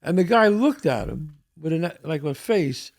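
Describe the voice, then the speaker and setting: A man's voice: a little high, measured pace, creaky. A man hosting a talk show, chatting casually and telling stories by acting out what people said. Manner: animated storyteller who acts out quoted lines. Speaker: host. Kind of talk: casual chat.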